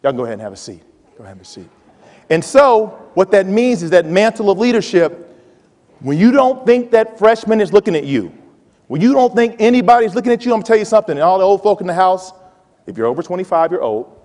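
A man in his forties giving a playful, animated motivational talk to students and calling out to the audience. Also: high voice, fast. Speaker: college president giving a talk. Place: large hall with a live audience. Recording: hall reverb.

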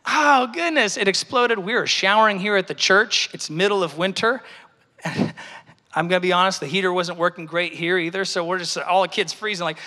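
High, bright-voiced man preaching in a hall. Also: steady tone, moderate pace. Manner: storytelling, conversational, acts out quoted voices. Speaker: speaker at a church service. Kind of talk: personal testimony sermon. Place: large church hall.

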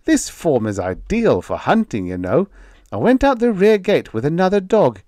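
Guy doing a chirpy carefree alien dog, high and bouncy. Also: sing-song, moderate pace, dark tone, dry recording, studio quality. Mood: easygoing. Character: carefree male alien shapeshifter in dog form.

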